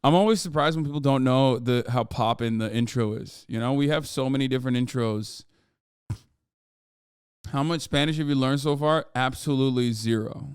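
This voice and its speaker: A man's voice: mid-range voice, moderate pace, smooth, dry recording, studio quality. A man in his thirties hosting a live stream, chatting casually, joking and reading chat aloud. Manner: jokey, hyped, reads chat aloud. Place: home studio in Los Angeles.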